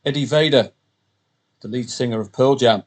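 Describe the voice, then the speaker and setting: A man hosting a solo podcast, talking through the day's matches in a casual, rambling way with jokey asides and quick self-corrections. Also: medium pitch. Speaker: podcast host and betting tipster.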